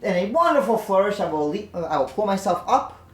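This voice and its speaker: A woman's voice: mid-range voice, big pitch swings, fast talker, reverberant. A woman playing a tabletop role-playing game, playful and laughing. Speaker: player.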